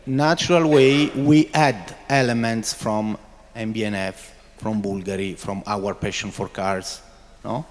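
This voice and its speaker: A man's voice: on the low side, steady tone, unhurried. A man, a watch designer, giving earnest answers at a press conference in English. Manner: earnest, repeats "honestly", non-native phrasing. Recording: long reverb in a large space.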